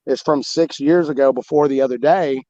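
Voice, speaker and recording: A man talking about his book as a guest in a casual interview, rambling and animated, with many restarts and fillers. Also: medium pitch, a little fast, highs cut off. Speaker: guest author.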